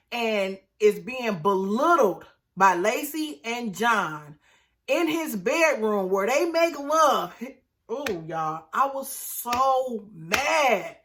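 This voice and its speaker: A woman with a voice on the high side recaps a reality TV episode in casual commentary. She's animated and outraged, speaking directly to her viewers.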